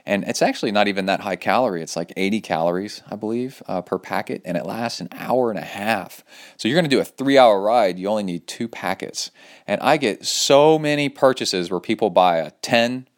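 A man's voice: lowish voice, animated, a little fast. A man hosting his own podcast, talking casually and enthusiastically with plenty of fillers as he rambles through updates and a sponsor read. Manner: loose and rambling, many fillers, upbeat and enthusiastic. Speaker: podcast host.

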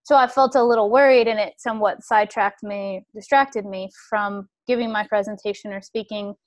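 A woman hosting a conversation shares a personal story in an earnest, reflective way, often restarting her sentences. Her voice is medium-pitched and steady, and she speaks fairly quickly.

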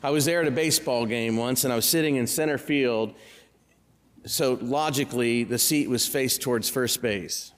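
A man's voice: mid-range voice, moderate pace. A male pastor giving a sermon, telling stories with humor and talking directly to the congregation. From Central Illinois. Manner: storytelling with humor, conversational asides to the congregation. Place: church. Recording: long hall reverb in a church.

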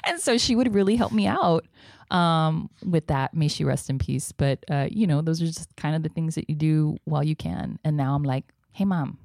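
A woman from South Texas with a notably low voice talks as an interview guest. Her stories are animated, with Spanish phrases dropped in. The recording is dry and close, with no room sound. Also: normal speed, gravelly, no echo. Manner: animated storyteller who drops into Spanish phrases. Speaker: acting professor and actress, podcast guest. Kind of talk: casual conversational interview.

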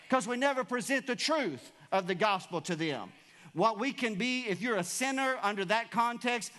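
High-voiced preaching pastor. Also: male voice, a bit bright. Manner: preachy, emphatic, calls out to congregation. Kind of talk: sermon.

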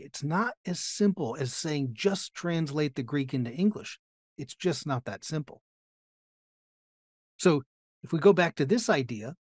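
A man's voice: on the high side, a little mellow, dry recording. Man teaching on scripture, dry close sound. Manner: explanatory, asks the listener rhetorical questions. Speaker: Bible teacher. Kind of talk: teaching sermon.

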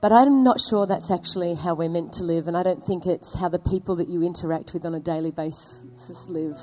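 A woman interviewing a guest, animated as she sets up her question. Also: lowish voice, a little fast, slight background noise, poor audio.

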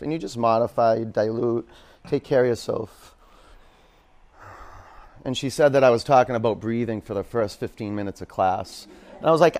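A man's voice: medium pitch, normal speed, a little mellow. A man teaching a live yoga class in a studio, giving pose cues and chatting with jokey asides to his students.

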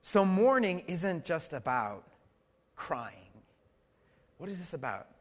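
A middle-aged male pastor preaching a sermon, swinging between loud emphatic lines and soft hushed ones, asking the congregation questions with light humor. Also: fairly high pitch, big pitch swings, takes it slowly.

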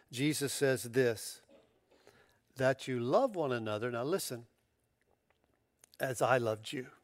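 A man preaching a sermon as a pastor, emphatic and animated, often stumbling over restarts as he builds to a point. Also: medium pitch, no echo.

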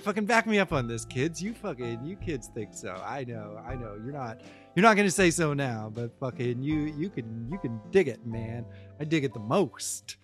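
A man talks casually on his own show and swears freely. He rambles and restarts his sentences as he speaks to his listeners. Faint guitar music plays quietly behind him. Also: mid-range voice, animated, normal speed. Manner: rambling, profane, with many restarts. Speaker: podcast host. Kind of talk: casual solo commentary.

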